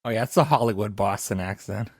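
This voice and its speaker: A man's voice: on the low side, quick pace, husky, no echo. A man on a podcast panel, dropping short, dry sarcastic quips in casual chat.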